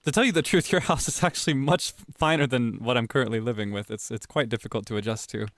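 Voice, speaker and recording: A man's voice: mid-range voice, fast talker, fairly bright tone, no room sound. A man voicing a polite, old-fashioned vampire lord who speaks in formal, courtly phrases. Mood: prim. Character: pompous male vampire lord, prim and polite. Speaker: streamer playing a vampire lord character. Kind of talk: in-character role-play chat.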